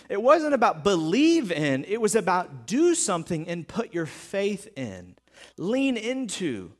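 A man giving a casual, joking sermon as pastor, acting out stories and quotes with many restarts. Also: high-pitched.

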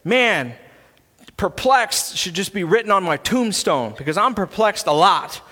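A man's voice: high-pitched, lively intonation, a little slow, sharp tone. A man preaching a sermon as pastor in a church sanctuary, earnest and building into impassioned delivery. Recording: long church reverb.

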